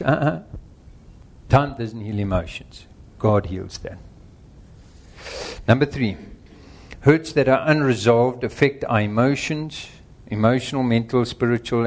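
A man's voice: fairly low pitch, a little mellow. A middle-aged man preaching a sermon, earnest and emphatic, working through numbered points and speaking directly to the congregation. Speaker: pastor.

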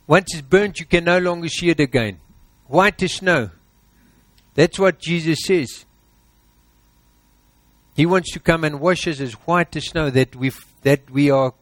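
A man's voice: on the high side, a bit bright, no room sound. A man preaching a sermon, emphatic and exhorting, piling up lists.

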